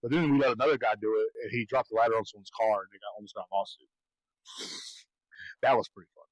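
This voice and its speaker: A man's voice: on the low side, fast, no room sound, highs cut off. A man co-hosting a podcast, telling rambling stories in casual chat and laughing often. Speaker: podcast co-host.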